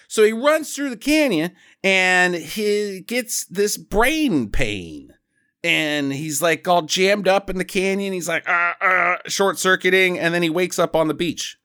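Podcast host, male, lively swoops in pitch, bright tone, joking recap. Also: moderate pace, clear, resonant tone. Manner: animated retelling with silly voices and laughs. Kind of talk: casual movie recap chat.

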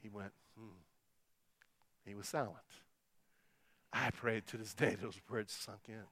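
A middle-aged man preaching a sermon as pastor, telling a story and swinging between hushed, quiet lines and loud, emphatic ones. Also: on the low side, steady tone, takes it slowly, no echo.

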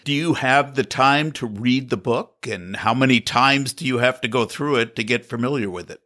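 A man's voice: medium pitch, normal speed, sharp tone. A man with a mid-range voice conducts an interview. He asks curious, plain follow-up questions.

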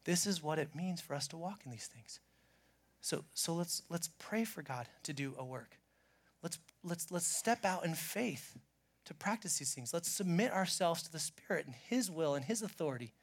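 A man preaching a sermon as pastor, animated, swinging from loud acted quotes to hushed asides. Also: on the high side, normal speed.

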